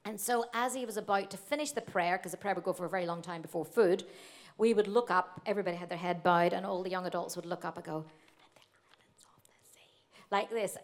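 Middle-aged female pastor, animated anecdote teller, mid-range voice. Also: medium pitch. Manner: lively, animated storytelling. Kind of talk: anecdotes in an onstage interview.

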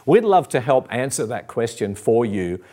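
A middle-aged Australian man giving a sermon in an earnest, conversational way. He stops for fillers and restates his key lines. His pitch sits at an ordinary male middle. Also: big pitch swings, normal speed. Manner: earnest and warm, with fillers and repeated phrases. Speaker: pastor.

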